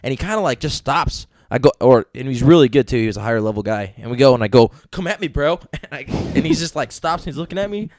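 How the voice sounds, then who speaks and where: A man's voice: medium pitch, fast, few pauses, dry recording. A man whose voice swings widely up and down as he jokes and tells a story. He talks loosely, breaks off his sentences and drops the odd swear. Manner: jokey, lively, swears, trails off. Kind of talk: casual chat.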